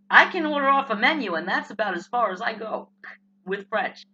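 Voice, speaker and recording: Brash high-voiced New Jersey woman ranting. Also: lively intonation, fairly quick, bright, forceful tone, highs cut off. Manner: brash, blunt, profane. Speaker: political commentator. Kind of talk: ranting comic monologue.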